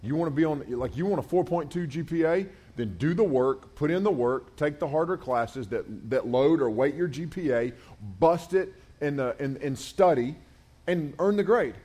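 A man's voice: fairly high pitch, normal speed, husky. A middle-aged man, a camp speaker giving a youth sermon and telling stories with acted-out voices. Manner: animated storytelling, acts out voices.

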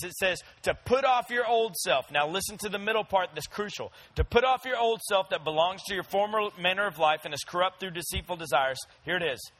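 A man's voice: high voice, sharp tone, poor audio. A young man preaching a sermon in a conversational, storytelling way, talking straight to his listeners. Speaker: pastor.

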